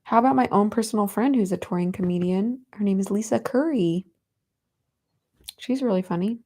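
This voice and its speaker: A twenty-something woman runs a casual home livestream, talking with her audience and going through their comments. Her mid-range voice moves a little fast. She comes across as chatty and giggly, with soft coos directed at her cat.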